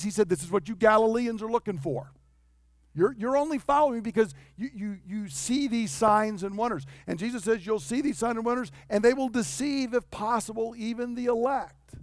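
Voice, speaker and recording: A man's voice: high voice, dry recording, studio quality. A man in his fifties, a pastor preaching a sermon, emphatic and conversational, acting out the voices he quotes.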